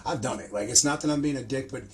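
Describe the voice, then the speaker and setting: A man hosting a podcast, swapping wrestling stories in a casual, profane, animated way and acting out what people said. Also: medium pitch, quick pace, slight background noise. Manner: profane, animated storyteller who acts out quotes. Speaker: podcast host and pro wrestler. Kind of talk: casual storytelling chat.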